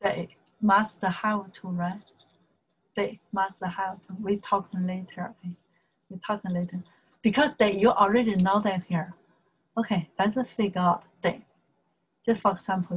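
A native Chinese speaker with a Chinese accent teaches a casual online language lesson, speaking haltingly with many fillers and repeating each syllable with its tone. Her voice is medium-pitched with fairly even intonation, and the rough recording has a little hiss or hum.

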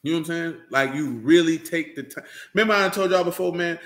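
A man's voice: on the high side, quick pace, fairly bright tone, reverberant. A man giving a loose, conversational sermon, talking directly to listeners and often checking they follow him. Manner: talks loosely and directly, often asking "you know what I'm saying". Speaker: preacher.

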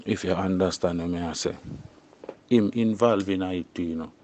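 A man's voice: low voice, moderate pace, a little mellow, a little hiss or hum. A young Jamaican man speaking in patois in a casual interview, tagging his phrases with "you see me" and "you know".

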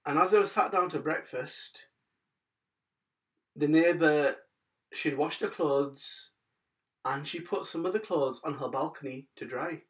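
A man shares a moral tale in a relaxed, chatty way, pitched somewhat high for a man. He keeps calling his audience "guys" and lets his phrase ends fade softly. His voice sits a little back from the microphone. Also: measured pace, long pauses, far from the mic. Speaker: host of a daily moral story channel. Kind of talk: casual storytelling with religious advice.

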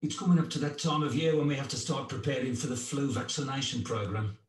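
A man with a British accent playing a health worker in a scripted listening test dialogue, steady and matter-of-fact. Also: medium pitch, fast talker, close to an everyday voice. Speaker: practice staff in an exam listening recording. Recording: roomy replayed audio.

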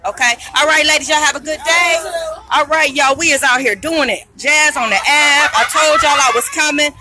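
A woman's voice: sits high, normal speed, crowd noise. A woman hosting a live internet radio stream, chatting with vendors on the street into a handheld phone. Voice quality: loud, chatty, hype. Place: outdoor street event.

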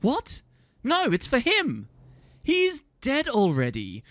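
A man's voice: very high-pitched, wildly swooping pitch, slow pace, fairly bright tone, no room sound, pitched above the performer's own voice, full character voice. A man reading aloud, raising his voice to play an earnest young heroine in a storybook scene. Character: young woman heroine Kaith, earnest and pleading.

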